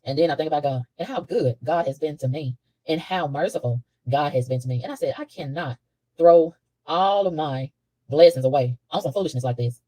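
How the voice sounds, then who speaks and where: A woman talking to camera in a casual spiritual monologue from a room, animated and preachy, laughing often and repeating words. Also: deep voice, a little fast, no echo, rough recording. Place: hotel room.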